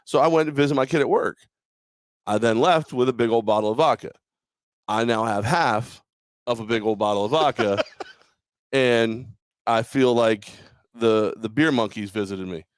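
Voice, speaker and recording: A man's voice: mid-range voice, normal speed, long pauses, smooth, no room sound, clean studio sound. A hungover man co-hosting a casual sports talk show, rambling and joking with frequent laughs. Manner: rambling, jokey, laughs often.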